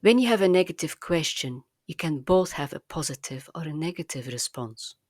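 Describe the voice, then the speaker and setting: A woman narrating a language lesson in a slow, careful, clearly enunciated teaching manner. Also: deep voice, lively intonation, no room sound, studio quality.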